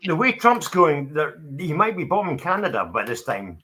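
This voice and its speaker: A man asking quiz questions in casual chat, halting, with many fillers. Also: fairly high pitch, sing-song, a loud crowd. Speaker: quiz master.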